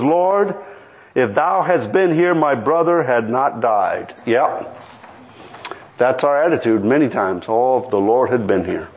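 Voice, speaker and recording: A man preaching a sermon, telling scripture stories with dramatic swings and quoting the characters. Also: rough recording. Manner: animated storytelling with quoted voices; dramatic swings in pitch and pace.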